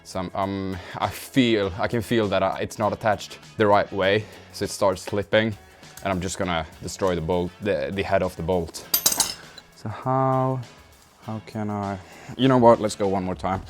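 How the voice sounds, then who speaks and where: A man's voice: sits low, fairly even intonation, moderate pace, soft background music. A man talking to himself as he works on his car, muttering, swearing and grunting with effort in casual self-talk. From Sweden. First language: Swedish. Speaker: car-project vlogger.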